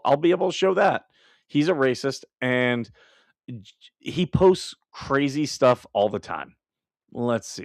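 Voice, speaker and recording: Brief: male stream host, mid-pitched voice, rambling rants with laughs, dry close sound. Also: no echo. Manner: ranting, laughs often, rambling restarts. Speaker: livestream host. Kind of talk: casual live-stream commentary.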